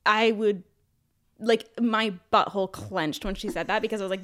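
A woman co-hosting a podcast in casual chat, talking in a rambling, profane, animated way. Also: medium pitch, normal speed. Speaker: podcast co-host.

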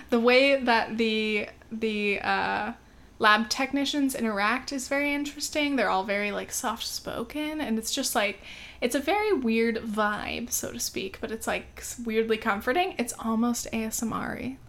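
In an unhurried, slightly high and a bit bright voice, an American woman casually discusses films she has seen on camera. She says "um" and "like" a lot and sometimes grows heated.

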